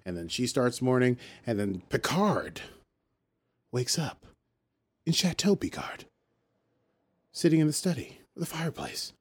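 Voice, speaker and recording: A man in a mid-range voice tells a story in a loose, chatty way, with plenty of "uh"s and "he's like" asides. He slips into quick voices for the characters and then drops back into his easygoing narration. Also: medium pitch, husky. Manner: animated storytelling, acting out characters' lines. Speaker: podcast host recapping a TV episode. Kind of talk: casual recap chat.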